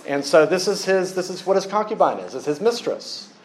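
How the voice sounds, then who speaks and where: A man preaching a sermon, lively and joking with the congregation. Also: high-pitched, brisk, a little hiss or hum. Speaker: pastor.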